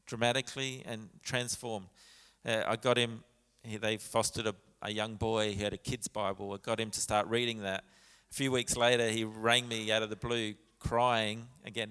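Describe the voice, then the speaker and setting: Pastor in an echoing church. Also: male voice, on the low side, creaky, fairly bright tone. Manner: storytelling with quoted dialogue, many restarts. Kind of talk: sermon storytelling. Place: church sanctuary. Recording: church hall with long reverb.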